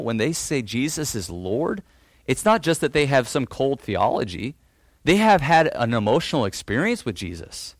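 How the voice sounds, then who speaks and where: Earnest male preacher, dry sound. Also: no room sound. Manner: earnest preaching with rhetorical questions and quoted voices; drops low and quiet on solemn lines. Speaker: pastor. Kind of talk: sermon.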